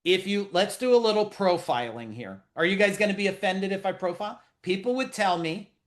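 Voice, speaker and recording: Man, middle-aged, high-pitched, blunt, profane, joking, casual webinar coach, video call. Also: expressive, brisk, hardly any pauses. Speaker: business coach hosting a webinar. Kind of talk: casual live webinar talk.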